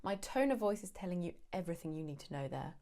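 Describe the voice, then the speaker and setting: A woman gives a scripted English lesson, explaining phrases clearly and acting out short examples. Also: lowish voice, animated, fast, dark tone. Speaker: English teacher.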